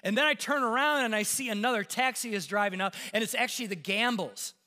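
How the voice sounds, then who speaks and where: A man's voice: sits high, fast. A man telling a personal travel story with rising suspense, his voice climbing at the tense moments. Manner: animated, building suspense, voice rising when tense. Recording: hall reverb.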